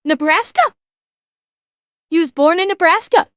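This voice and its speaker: A woman with a high voice talks casually to her stream, excitable and quick to swear. She keeps restarting her sentences as her thoughts race ahead. The sound is dry and close, with no room around it. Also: no room sound. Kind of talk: casual reaction chat.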